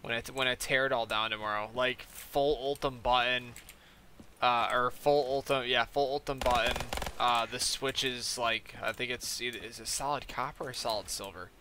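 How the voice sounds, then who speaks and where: A man's voice: medium pitch, fairly even intonation, normal speed, pushed and bright, a little hiss or hum. A young man chatting casually while playing a game, rambling with lots of "like" and retelling a conversation line by line. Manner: rambling, lots of "like" and retold dialogue. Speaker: gaming streamer. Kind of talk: casual chat while gaming.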